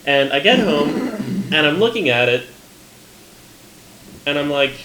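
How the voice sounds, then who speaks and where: A man's voice: on the high side, lively intonation, measured pace, a bit bright. A man co-hosting a casual podcast, telling stories with dry, wry humor. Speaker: podcast co-host. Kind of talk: casual chat. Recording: roomy echo, faint room noise.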